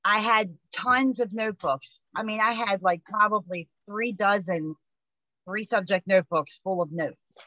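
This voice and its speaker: A woman's voice: medium pitch, expressive, normal speed, fairly bright tone, no room sound, rough recording. A woman talking frankly and encouragingly to her team on a video call from her computer. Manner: frank and encouraging, a bit blunt. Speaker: team member giving advice. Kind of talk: casual motivational talk on a video call.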